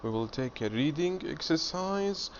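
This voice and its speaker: A man's voice: on the high side, animated. Patient man teaching an English lesson. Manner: slow, repetitive, explaining step by step. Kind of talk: classroom video lesson. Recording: dull lo-fi audio with faint hiss.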